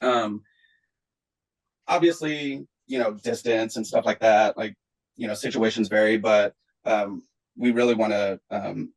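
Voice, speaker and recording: A man on a video call speaking haltingly, with many ums and pauses. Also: on the low side, fairly even intonation, low-quality recording. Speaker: team member on a video call. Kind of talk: casual meeting talk.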